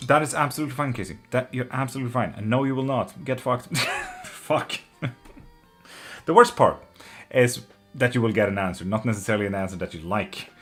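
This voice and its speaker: A man's voice: medium pitch, animated, fairly quick, fairly bright tone, soft background music. A man hosting a live tarot stream, chatting loosely with viewers, swearing freely and getting openly emotional and affectionate. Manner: loose and profane, swears freely, laughs often. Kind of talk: casual live-stream chat, reading out viewer comments.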